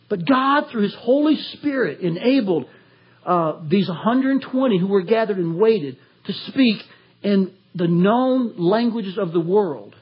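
A man's voice: sits high, breathy edge, lo-fi sound. A man from Tennessee preaching a verse-by-verse sermon, acting out quotes in a raised voice. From Tennessee, USA. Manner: animated, acts out quotes in a raised voice. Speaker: pastor. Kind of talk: expository sermon.

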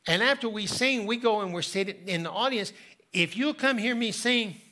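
A man's voice: high voice, normal speed, sharp tone, pitched above the performer's own voice. A man voicing an eager five-year-old boy inside a story told in a sermon.

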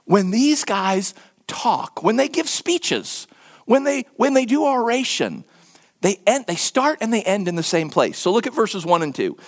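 A middle-aged preacher giving a conversational sermon, animated, full of rhetorical questions and wry humor. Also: medium pitch, a little slow. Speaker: preacher teaching from scripture.

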